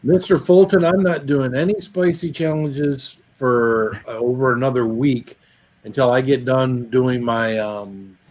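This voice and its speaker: A man's voice: medium pitch, steady tone, a little slow, darkish tone, poor audio. A man hosting a casual group chat, easygoing and agreeable. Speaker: host.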